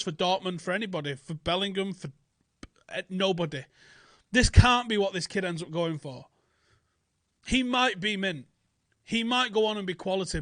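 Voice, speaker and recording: A man's voice: high voice, a bit bright, no room sound. A young man, hosting casual football transfer talk, blunt, sweary and often incredulous. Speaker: football channel host.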